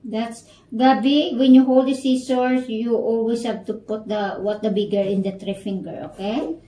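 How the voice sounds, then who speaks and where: A mother talking casually with her child, patient and gently instructing. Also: fairly high pitch, fairly even intonation, normal speed.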